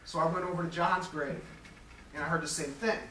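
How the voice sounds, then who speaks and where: A man's slightly high, bright voice stays steady and forceful, moving a little fast through his Hall of Fame acceptance speech. Around forty and from Metro Detroit, Michigan, he tells candid stories poking fun at himself, recorded in an echoey large hall from a distance, with a faint hum.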